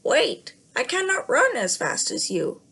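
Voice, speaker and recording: A woman's voice: high voice, huge pitch swings, measured pace, vocal fry, bright, forceful tone, breathy edge, exaggerated voice. A woman voicing a lonely male frog in a storybook read-aloud, speaking in a timid, scratchy voice and pleading for a friend. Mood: plaintive.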